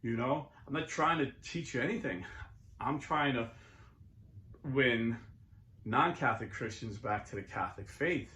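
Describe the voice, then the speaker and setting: A middle-aged man talks in a casual, earnest monologue at a middle pitch. He slips into preachy bursts as he makes his point. The sound carries the echo of a bare room. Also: a little slow, pauses often, sharp tone. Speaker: YouTube host and Catholic convert. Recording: echoey room.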